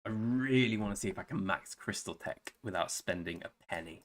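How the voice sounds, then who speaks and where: A man with an English accent and a somewhat low voice talks loosely through a live game stream. He rambles from one thought to the next in a wry, offhand way, greeting viewers by name as he plays. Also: fairly quick. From England. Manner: rambling, wry, chatty, answers chat by name. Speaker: gaming streamer. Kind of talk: casual live-stream chat while playing a strategy game.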